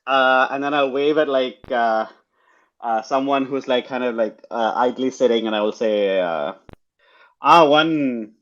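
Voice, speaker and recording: A man playing a tabletop game who speaks in a relaxed way. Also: medium pitch, moderate pace, lo-fi sound. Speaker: player. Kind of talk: casual tabletop play.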